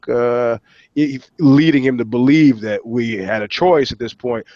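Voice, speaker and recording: A man's voice: mid-range voice, normal speed, a little mellow, dry recording. A man, co-hosting a podcast in casual chat. He tells profane stories and acts out what other people said. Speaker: podcast co-host. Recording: dull lo-fi sound.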